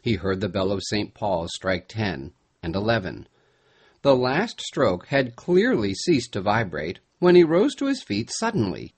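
A man narrating a storybook chapter in a measured storytelling voice. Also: lowish voice, very animated, a little mellow, slightly rough. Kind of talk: audiobook narration.

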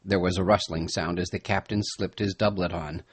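A man narrating a storybook chapter in a measured storytelling voice. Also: deep voice, steady tone, slightly rough. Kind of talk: audiobook narration.

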